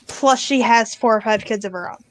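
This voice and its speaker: A woman's voice: on the high side, brisk. A woman chatting casually on a video call, rambling and restarting her sentences.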